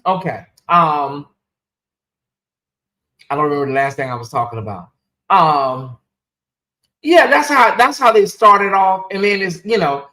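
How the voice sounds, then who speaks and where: A woman hosting a casual live stream, talking in an animated, ranting way and laughing often. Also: fairly low pitch, unhurried, long pauses. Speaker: livestream host.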